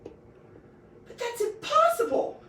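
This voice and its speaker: A woman voicing Little Red Riding Hood, a bossy, shrill little girl who demands and wails. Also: big pitch swings, moderate pace, fairly bright tone, far from the mic, a little hiss or hum. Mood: shrill, demanding. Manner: demanding, wailing, stomping tantrum. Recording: echoey room, voice off-mic.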